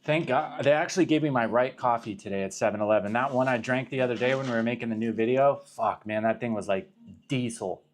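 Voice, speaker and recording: A man's voice: mid-range voice, quick pace. Rambling, swearing young man from Arizona. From Arizona, USA. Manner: rambling, profane, self-interrupting. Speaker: livestream host. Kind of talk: casual livestream chat.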